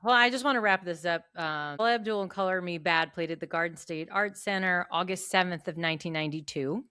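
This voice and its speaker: Woman, middle-aged, podcast co-host, chatty journal reading, low pitch, dry sound. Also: a little fast, bright, forceful tone, clean tone, no room sound. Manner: chatty, laughs through her stories. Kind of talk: casual chat, reading from an old journal.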